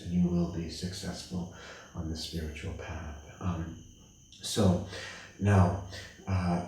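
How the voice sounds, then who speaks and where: A man giving a spiritual class, telling stories gently and acting out the voices of the people in them. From United States. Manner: gentle, storytelling, acts out quoted voices with rising pitch. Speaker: class teacher at a monastery. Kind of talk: spiritual class talk with acted anecdotes. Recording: echoey room from a distance.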